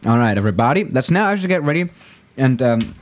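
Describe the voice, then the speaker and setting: A man's voice: medium pitch, very animated, fast. A man chatting casually on a live stream while playing a flight simulator, rambling and correcting himself as he goes. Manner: rambling, self-correcting, laid-back.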